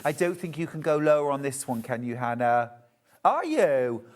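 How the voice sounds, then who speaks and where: A man's voice: medium pitch, big pitch swings, normal speed. Chatty man selling fabric live. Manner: enthusiastic, chatty, gushing over fabrics. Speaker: shopping channel presenter. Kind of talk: live TV product demonstration. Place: TV shopping studio.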